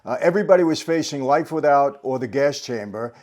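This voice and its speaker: A man's voice: mid-range voice, lively intonation, a little fast, a little mellow. A man hosting a sit-down interview, talking casually and speaking directly to viewers. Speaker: host. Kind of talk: conversational interview.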